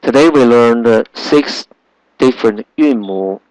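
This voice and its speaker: Male language teacher, unhurried, patient, drills sounds over and over, dry close sound. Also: mid-range voice, darkish tone, no echo, low-quality recording. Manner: slow, patient, repeats sounds in drills with many fillers. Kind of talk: language lesson.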